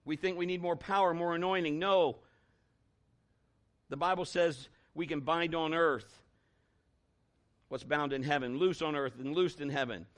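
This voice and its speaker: A pastor preaches a sermon in a high voice. He builds his volume and calls out to the congregation as he goes. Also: steady tone, a little slow, long pauses.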